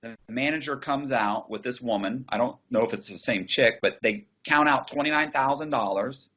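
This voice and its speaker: A man's voice: mid-range voice, normal speed, bright, forceful tone, husky, dull audio. A man in an interview telling a story casually and bluntly, acting out the dialogue and swearing freely. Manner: acts out dialogue from his story.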